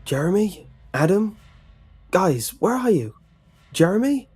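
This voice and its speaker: A man's voice: medium pitch, animated, normal speed, a little mellow, husky, pitched above the performer's own voice. Guy doing a panicky schoolboy, breathless, voice pushed way up. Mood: calling out. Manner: urgent, breathless whispering.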